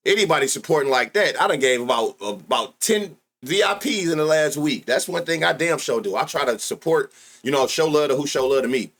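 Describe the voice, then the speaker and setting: A man runs a sports betting livestream and talks loosely to his chat, full of slang and swearing. His pitch swings widely, jumping high when he gets worked up. He sits close to a desk mic. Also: brisk. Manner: loud excitable outbursts, heavy profanity, slangy. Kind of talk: casual live-stream chat.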